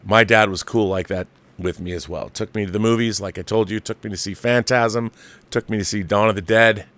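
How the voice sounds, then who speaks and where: Low-voiced man reading viewer mail. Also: steady tone, fairly quick, a bit bright. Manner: reads letters aloud with asides and interjections. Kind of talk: casual chat.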